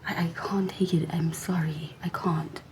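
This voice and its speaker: Young woman whisper-ranting to cam, sassy, mellow low-key tone, faint hiss behind. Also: level tone, measured pace, poor audio. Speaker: vlogger. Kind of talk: whispered rant to camera.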